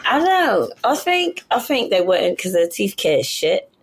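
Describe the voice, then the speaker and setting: A woman's voice: mid-range voice, big pitch swings, a little slow, breathy edge. A woman with a Brooklyn accent chatting casually, rambling loosely with lots of fillers and laughs. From Brooklyn, New York. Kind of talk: casual chat.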